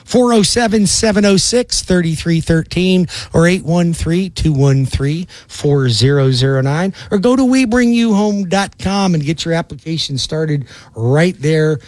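A folksy man delivers a pushy, rapid-fire sales pitch for his loan business. His voice sits a little high. The sound is dry and close, with no room around it. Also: animated, a little mellow, dry recording. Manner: brash, folksy and rapid-fire, acting out little phone calls. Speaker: loan officer. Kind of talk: direct-to-camera sales pitch.

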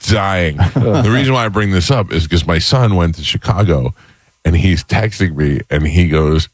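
A middle-aged man hosting a talk show, telling a funny anecdote in an animated way and mimicking the people in it. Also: sits low, moderate pace, husky, no room sound. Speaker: radio show host. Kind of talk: casual storytelling chat.

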